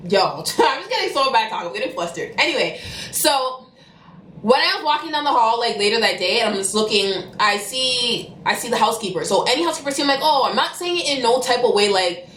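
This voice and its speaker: A young woman tells a storytime vlog at a fast, animated clip. Her voice is bright and swoops widely in pitch. She is recorded in an echoey room with faint noise behind. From Canada. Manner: fast-talking and animated, bursting into loud cussing. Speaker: vlogger.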